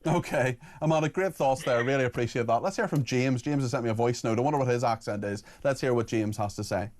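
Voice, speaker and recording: Fast-talking radio host. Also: male voice, medium pitch, darkish tone. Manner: fast, with frequent restarts. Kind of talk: radio phone-in chat. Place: radio studio.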